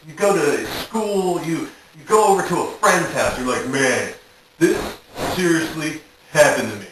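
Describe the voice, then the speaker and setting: A young man tells a comic story to his camera, his voice sitting high and swinging widely as he acts out his own panicked reactions. He sounds a little far from the mic in a very echoey room, with a faint hiss behind him. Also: a bit bright. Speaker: vlogger. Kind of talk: animated storytelling monologue.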